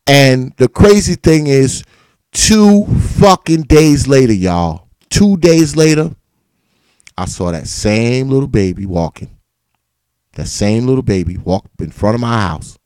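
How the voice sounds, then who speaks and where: A man's voice: medium pitch, measured pace, smooth, no echo. A man hosting a live talk show, telling a story in a casual, profane way and swearing freely. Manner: animated, swearing freely, rising in outrage. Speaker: host of a live talk stream.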